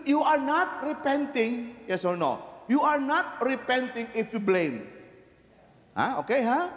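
A man, a Catholic priest, giving a lively, conversational sermon, putting many questions to the congregation. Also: very high voice. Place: large church. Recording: echoey church hall from a distance.

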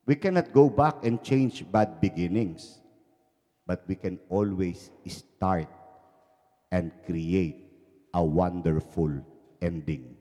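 A male priest giving a sermon, telling jokes in a lively way and acting out the characters. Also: sits low, takes it slowly, pauses often. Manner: lively storytelling, acting out voices. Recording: echoey hall.

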